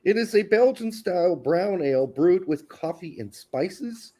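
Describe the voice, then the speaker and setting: A man's voice: sits high, animated, unhurried, warm tone. A man co-hosting a casual podcast, joking and swearing while drinking beer and talking cooking. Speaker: podcast co-host.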